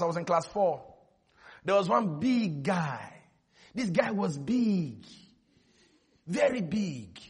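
A man preaching a sermon, telling a story with animated energy and bursting into shouts. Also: very high voice, breathy edge.

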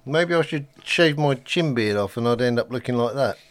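A man co-hosting a podcast, chatting casually and bantering over crisps and beer. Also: medium pitch, normal speed. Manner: chatty, lively, banter-filled. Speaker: podcast co-host.

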